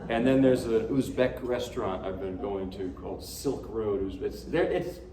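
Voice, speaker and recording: A pianist chats between pieces at his recital, his voice slightly low and his remarks wandering and self-mocking. He is picked up from a distance in a roomy hall, with a faint hiss underneath. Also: normal speed. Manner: rambling, chatty and self-deprecating. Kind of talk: casual spoken introduction between pieces. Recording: echoey hall, distant mic, faint noise.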